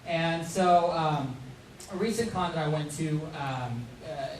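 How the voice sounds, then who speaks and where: Voice actor panelist, man, excitable and stammering, roomy hall sound with faint noise. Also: a little high, unhurried. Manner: excitable, stammering restarts, laughs easily. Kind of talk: convention panel talk. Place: large convention hall, far from mic. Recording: echoey hall from far off.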